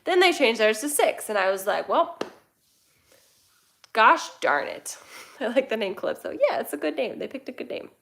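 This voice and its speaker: A woman's voice: fairly high pitch, sing-song, fast talker, creaky. A young woman hosting a casual livestream, chatting and reading viewer comments in a rambling way while talking to her cats. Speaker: kitten rescue livestream host.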